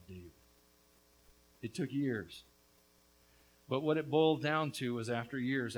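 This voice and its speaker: A man preaching a sermon as a pastor, earnest with casual asides, his voice swinging between hushed and loud. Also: medium pitch, low-quality recording.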